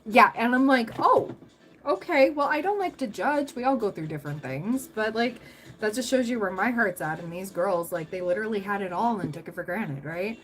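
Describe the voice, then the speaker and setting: A woman's voice: medium pitch, brisk, poor audio. A young adult woman hosting a tarot livestream, chatting casually with viewers, rambling through stories and laughing often.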